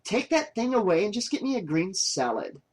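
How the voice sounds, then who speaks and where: A man's voice: high-pitched, sing-song, moderate pace, pitched above the performer's own voice. A man voicing a pushy, short-tempered young woman who makes documentaries, in a raised, exasperated voice. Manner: exasperated, snappy.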